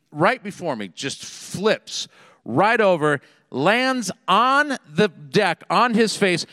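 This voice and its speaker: A middle-aged man preaching a sermon, telling a personal story in an animated, conversational way. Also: high voice, no room sound, in a large hall. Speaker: pastor. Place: Seattle area.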